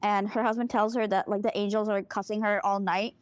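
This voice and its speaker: A young woman calling in to a live stream, speaking hesitantly and in halting bursts. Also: medium pitch, flat delivery, clear, resonant tone, no echo. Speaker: caller.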